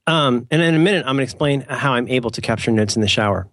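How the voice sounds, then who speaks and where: A man's voice: mid-range voice, lively intonation, fast talker, fairly bright tone, a little hiss or hum. A man co-hosting a podcast in casual chat, rambling and self-mocking with playful mock-formal asides. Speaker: podcast co-host.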